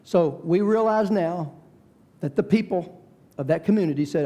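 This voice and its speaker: A man preaching a sermon who retells a story dramatically and shifts between quick asides and slow, hushed lines. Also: sits high. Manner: dramatic storytelling, varies pace and volume.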